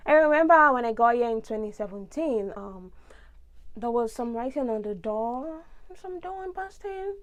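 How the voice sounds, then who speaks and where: High-voiced Nigerian woman vlogger, ranting. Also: moderate pace. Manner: expressive, ranting, big swings in tone. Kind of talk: casual vlog monologue.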